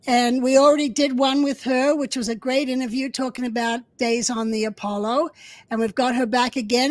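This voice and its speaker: A woman co-hosting an interview show, telling stories in a chatty, animated way. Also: high-pitched, dry recording. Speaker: podcast co-host. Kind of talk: casual storytelling chat.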